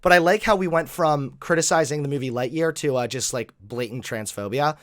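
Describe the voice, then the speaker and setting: A man hosting reaction commentary, animated, mocking and profane. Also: a little high, a little fast. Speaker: host.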